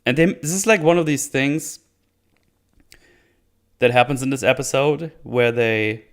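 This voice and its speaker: A man's voice: medium pitch, a little slow, clear, resonant tone. A man giving casual spoken commentary as a reviewer, sarcastic and rambling, often breaking into laughter. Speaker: video reviewer.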